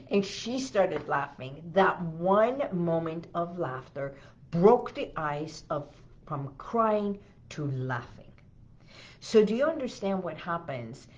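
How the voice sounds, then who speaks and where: A woman's voice: mid-range voice, muffled recording. A middle-aged woman hypnotherapist gives a self-help talk, telling a personal story and often checking in with the listener with an "okay?".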